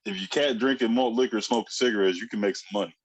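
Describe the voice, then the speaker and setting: A man's voice: on the low side, racing, highs cut off, slight background noise. A man co-hosting a casual podcast, joking and laughing with his co-host.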